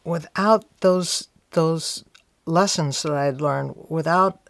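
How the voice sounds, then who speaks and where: Speaking low and slowly, this interview guest recounts a story in a thoughtful, conversational manner, repeating "you know" and speaking her old thoughts out loud. The audio is clean studio sound with no echo.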